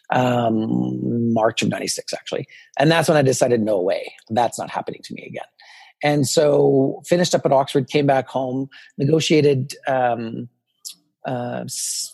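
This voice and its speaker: Guy in his 50s, slightly husky voice, middle pitch, tells stories and does everyone's lines. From Canada. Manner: animated storyteller, acts out quoted dialogue. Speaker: podcast guest, politician. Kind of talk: personal storytelling in a podcast interview.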